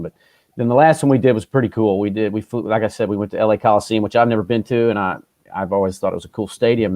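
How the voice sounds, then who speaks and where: A man talking quickly and earnestly as a guest in a casual online chat, often restarting his sentences. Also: fairly low pitch, darkish tone, no room sound. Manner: fast, earnest, with frequent restarts. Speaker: guest from a sports film crew. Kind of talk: casual chat on a video call.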